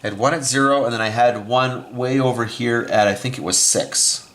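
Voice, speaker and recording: A man's voice: mid-range voice, steady tone, normal speed, fairly bright tone. A man teaching a recorded math lesson, explaining each step as he writes and often stopping to correct himself. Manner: explains step by step while writing on a board.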